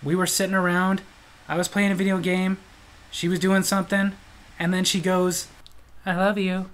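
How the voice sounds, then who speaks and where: A man hosting his own show tells comic stories full of jokes, animated and laughing often. His voice sits high at a moderate pace, and the audio quality is poor.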